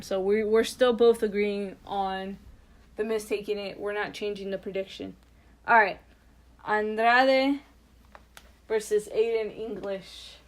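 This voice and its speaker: A woman co-hosts a podcast in loose, casual chat. She is chatty and animated, and she leans on fillers and restarts. Her pitch sits in the middle range. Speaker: podcast co-host.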